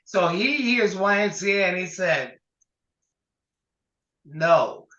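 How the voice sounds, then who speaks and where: An older man, a singer, chatting in an interview and telling animated stories from his career. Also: high voice, normal speed. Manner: animated storyteller, acts out quotes. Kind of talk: casual interview conversation. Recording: echoey dull lo-fi sound.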